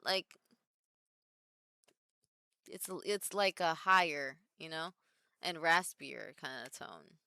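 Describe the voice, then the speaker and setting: A woman's voice: sits low, animated, slow pace, vocal fry, long pauses, bright, forceful tone, clear, resonant tone, dry recording. A woman in her thirties, a wrestler chatting casually on a live stream, reading viewer comments aloud and answering them at home.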